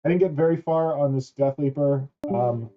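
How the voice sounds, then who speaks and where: At normal speed and medium pitch, a man hosts a relaxed online chat, rambling and swearing as he goes. The wrong microphone gives the audio a dull, lo-fi quality.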